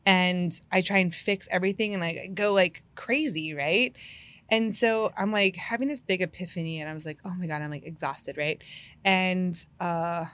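A woman telling a personal story in a casual podcast chat, animated and full of "like" fillers, laughing often. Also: fairly low pitch, normal speed, dry recording.

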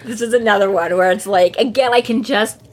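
A woman's voice: medium pitch, a little fast. A woman hosting a podcast in casual book-discussion chat. She rambles with many fillers and restarts, swears freely, and acts out the characters' lines. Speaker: podcast host.

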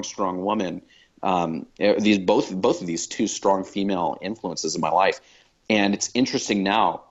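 A man's voice: lowish voice, lo-fi sound. A man talking as a podcast guest, thoughtful and reflective, with many fillers and restarts. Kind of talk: reflective conversation.

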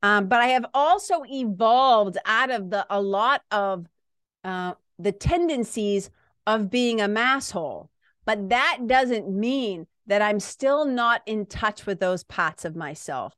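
A woman's voice: medium pitch, lively intonation, takes it slowly, a bit bright, no room sound, studio quality. A woman from Massachusetts with a Boston accent, hosting a podcast in a candid, rambling casual monologue with some swearing. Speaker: podcast host.

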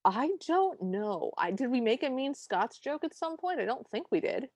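A woman's voice: a little high, big pitch swings, normal speed, a little mellow, no echo. Wry, dry-sounding woman podcast host. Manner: wry, exasperated storytelling. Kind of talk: casual chat recapping a film.

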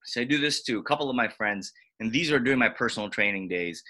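A man in casual conversation, telling animated stories and acting out what others said. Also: quick pace. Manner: animated, acts out quotes with big pitch jumps. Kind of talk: casual storytelling chat.

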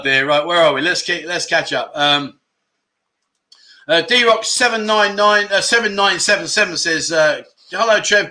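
A lively middle-aged man chats through viewer comments on his livestream, with a bright, forceful voice sitting a little high for a man. He is animated and exclamatory, and now and then he bursts into a loud catchphrase. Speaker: livestream chat show host. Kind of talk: casual chat reading viewer comments.

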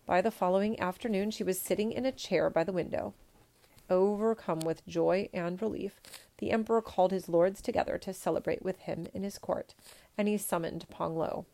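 A woman reading a children's storybook aloud in a gentle, measured way. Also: mid-range voice. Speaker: storybook reader.

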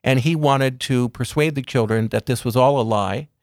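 Man guest, mid-pitched, calm explainer, unhurried lists; dry booth sound. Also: no room sound. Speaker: guest speaker on religious topics. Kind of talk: calm explanatory interview talk.

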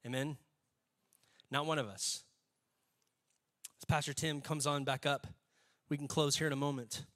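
Animated high-voiced Texan preacher man. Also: measured pace. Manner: animated, folksy preaching with rising emphasis. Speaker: pastor. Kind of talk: sermon.

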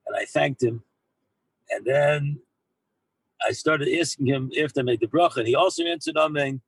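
A man who heads a yeshiva, telling an anecdote in an animated way to his former students, mixing in Hebrew and Yiddish words and often repeating himself as he goes. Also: medium pitch, normal speed, gravelly, slightly rough, no echo, poor audio. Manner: frequent repeats and restarts. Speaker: rabbi and yeshiva head. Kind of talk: storytelling talk to former students.

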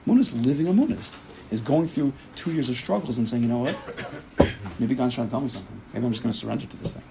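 A man teaching a Torah class as a rabbi, speaking emphatically and acting out inner voices in quick quoted asides. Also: mid-range voice, animated, gravelly, heavy background noise.

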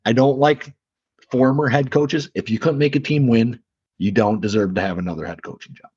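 A man's voice: medium pitch, normal speed, darkish tone, slightly rough, no room sound. A man co-hosting a sports podcast in casual chat, blunt and opinionated, swearing freely. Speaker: podcast co-host. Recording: slightly muffled lo-fi recording.

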